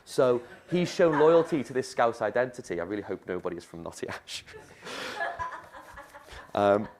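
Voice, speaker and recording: A man's voice: mid-range voice, sing-song, normal speed, background noise. A male university lecturer giving a keynote talk at a conference, conversational and chatty, with playful asides to the audience. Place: conference room.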